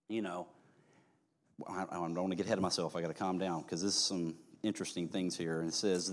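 A man with a somewhat low voice preaches a sermon in a church. He reads the scripture with building emphasis, then drops into relaxed, joking asides about his own life. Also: brisk. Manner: folksy, joking asides to the congregation.

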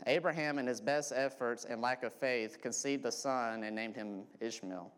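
A man's voice: medium pitch, normal speed, fairly bright tone, clear, resonant tone. A man preaching a sermon who repeats his key points and keeps checking in with the listeners by asking "okay?".

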